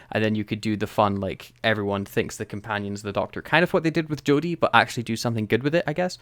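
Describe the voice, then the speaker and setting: Low-voiced Scottish man rambling on a podcast. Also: quick pace, hardly any pauses, a bit bright, no echo. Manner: rambling, hesitant, laughs often. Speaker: podcast co-host. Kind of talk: casual chat reviewing a TV episode.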